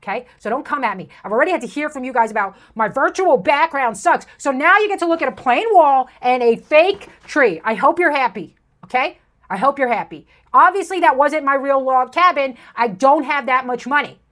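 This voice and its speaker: A woman's voice: sits high, expressive, a little fast, fairly bright tone. A woman hosting a commentary video, ranting in an abrasive, insulting, sarcastic way from a room with a plain wall. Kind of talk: ranting commentary over clips.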